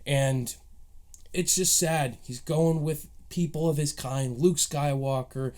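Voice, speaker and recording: A man's voice: on the high side, mellow. A man giving a casual spoken review of a TV episode, recapping plot beats with eager, emotional enthusiasm. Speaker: movie reviewer.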